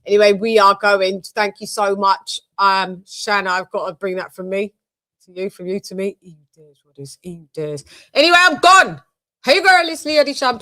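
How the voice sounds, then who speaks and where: A woman's voice: medium pitch, sharp tone. A young woman from the UK hosting a casual live-stream boxing show, loose and jokey, swearing and drifting between topics. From United Kingdom.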